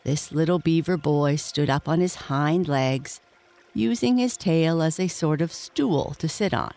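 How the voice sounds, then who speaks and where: Slow, gentle bedtime storyteller. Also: mid-range voice.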